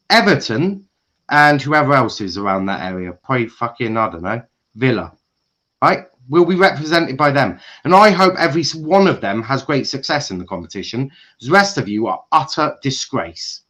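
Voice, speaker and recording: A man ranting furiously on a football livestream, swearing and shouting at club owners. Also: a little high. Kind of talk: angry fan rant on a livestream.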